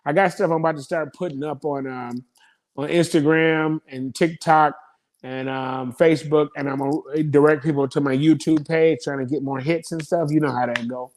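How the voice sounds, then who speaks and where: A man, a comedian telling stories in a casual interview, profane and quick to laugh between rambling asides. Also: on the high side, fairly even intonation, a little mellow. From United States. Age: 50s. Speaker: comedian guest.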